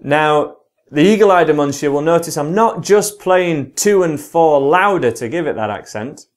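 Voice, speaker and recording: British male guitar teacher, slightly high voice, counts beats slowly, loud guitar behind him. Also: animated. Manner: counts along in a slow, drawn-out voice. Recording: guitar playing loudly behind the voice. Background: his own guitar playing.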